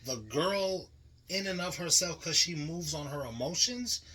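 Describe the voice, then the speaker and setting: Bright-voiced man in slangy reaction chat. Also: on the high side, a little slow, slight background noise, low-quality recording. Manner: animated, slangy, restarts to make a point. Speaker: podcast co-host.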